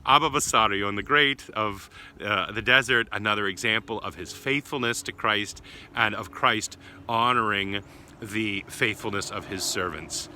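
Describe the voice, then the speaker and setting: A man, an Orthodox priest, giving a short homily as a gentle, affectionate storyteller. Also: on the low side, unhurried, slight background noise. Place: church grounds.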